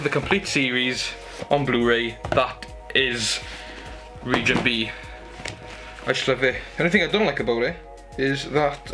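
A man's voice: medium pitch, pushed and bright. A young man, chatty and enthusiastic, showing off his Christmas gifts at home in a casual haul video. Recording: background music under the voice. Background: music playing.

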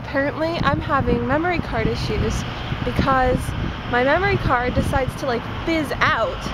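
A woman's voice: sits high, normal speed. A woman vlogging casually and joking while she walks down a street, recorded on a handheld camera. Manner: chatty and joking. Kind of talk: casual vlog chat. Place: outdoors on a town street, walking. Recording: loud street traffic noise.

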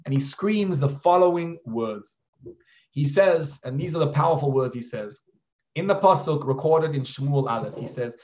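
A rabbi tells a scripture story to his class in a lively, animated way, slipping Hebrew phrases in among his English. His voice sits a little high for a man. The recording is roomy and a touch dull. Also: normal speed. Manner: animated retelling with Hebrew terms.

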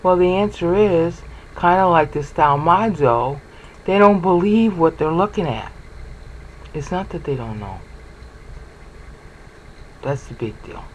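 Male Bible teacher, slightly high voice, casual lecturing with frequent check-ins, faint noise behind. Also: lively intonation, unhurried, long pauses, muffled recording. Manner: conversational, frequent "okay?" and "all right?" check-ins. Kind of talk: informal Bible study lecture.

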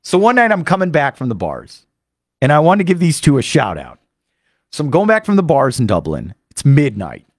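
An American man, a sports radio host, talking fast and eagerly in a studio monologue. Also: a little high, wildly swooping pitch, no echo. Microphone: studio microphone.

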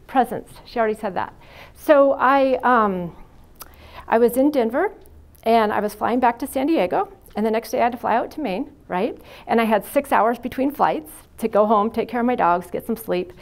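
A woman's voice: on the high side, lively intonation, moderate pace, gravelly. A middle-aged woman who is a psychiatric nurse gives a frank, chatty university lecture full of anecdotes and "you know" fillers. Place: university classroom.

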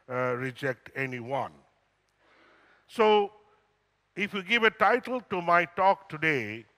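Casting: older man, pastor, slow unhurried sermon delivery, bright tone, church hall reverb. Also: on the high side. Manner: storytelling, slow and deliberate with frequent "uh" fillers.

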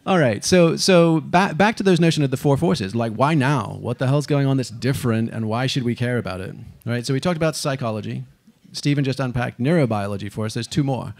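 Gravelly guy doing a fired-up stage talk, swears a bit, acts stuff out. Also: mid-range voice, fairly quick. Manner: animated, swearing, acts out quotes. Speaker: speaker.

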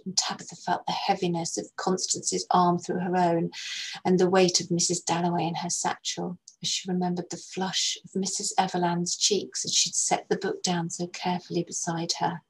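An actress narrates a literary short story in a gentle, measured way, her low voice carrying a soft husky grain. Her narration moves calmly between the characters' lines, though the recording is low quality.

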